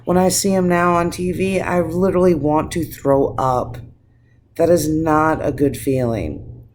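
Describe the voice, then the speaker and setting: A man's voice: on the high side, fairly even intonation, a little slow, slight background noise. A man ranting on his vlog, profane and impassioned, rambling with restarts. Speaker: vlogger. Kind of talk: casual vlog rant.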